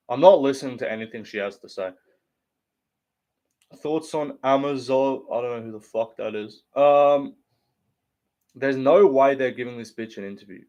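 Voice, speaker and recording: A man's voice: medium pitch, moderate pace, long pauses, darkish tone, highs cut off. Profane, mocking fight-stream host, a man. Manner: blunt, profane, mocking rant. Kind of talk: live-stream fight commentary, reading chat.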